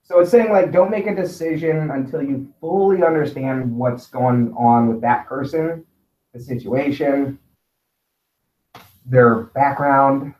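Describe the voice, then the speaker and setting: A man co-hosting a casual podcast chat, rambling with lots of fillers and quick laughs. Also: medium pitch, a little mellow. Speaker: podcast co-host. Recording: echoey room.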